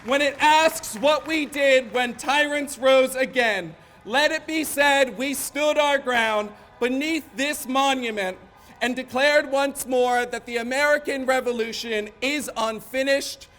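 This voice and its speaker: Young man, very high voice, slow deliberate delivery, declamatory rally speech, shouted peaks, outdoor park. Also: soft background music. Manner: declamatory, building to shouted lines. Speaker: rally speaker.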